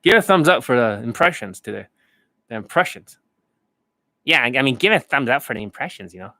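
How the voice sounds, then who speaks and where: A man's voice: fairly high pitch, big pitch swings, moderate pace, long pauses, pushed and bright, dry recording. A man talking to his viewers as a dating coach in a rambling, blunt monologue, swearing casually.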